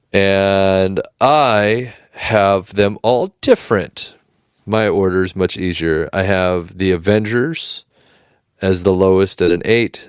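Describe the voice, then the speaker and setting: American male host, very deep and smooth, loose joking delivery, dull dry mic. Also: no echo. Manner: rambling, self-correcting, joking. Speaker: podcast host keeping the notes. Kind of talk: casual chat.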